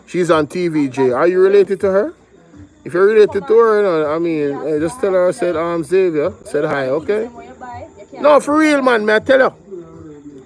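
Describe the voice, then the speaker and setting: Man, Jamaican accent, fairly high voice, heated livestream commentary, rhetorical questions, viewer shout-outs. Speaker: livestream host.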